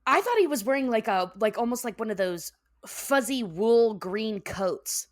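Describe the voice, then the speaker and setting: A woman's voice: on the high side, animated, normal speed, no echo, studio quality. A young woman co-hosting a podcast, chatting casually and giggling as she recaps a cartoon episode and acts out its lines. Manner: giggly, acts out quotes in character voices. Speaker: podcast co-host.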